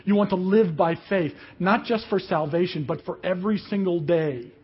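A man with a slightly high, husky voice delivers a sermon from the pulpit, telling a story and acting out the people in it. The recording is dull and lo-fi, like older church audio. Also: moderate pace. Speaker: pastor.

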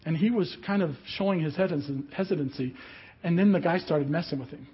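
A man preaching a sermon as a pastor, telling a story with lively acted-out voices. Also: a little high, brisk, husky, muffled recording. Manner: animated storyteller, acts out voices of people in the story.

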